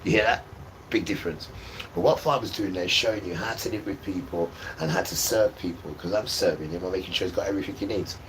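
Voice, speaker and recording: A man's voice: deep voice, fast talker, a bit bright, slight background noise, low-quality recording. A man, preaching and insulting people on a live stream, repeating his phrases as he goes. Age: 50s. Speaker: livestreamer. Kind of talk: live-stream religious rant.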